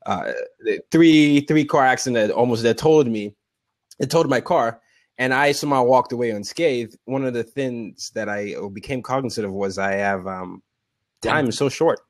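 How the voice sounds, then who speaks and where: A man's voice: medium pitch, moderate pace, dry recording, clean studio sound. A man in his twenties hosting a podcast, asking earnest, reflective questions in casual conversation. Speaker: podcast host.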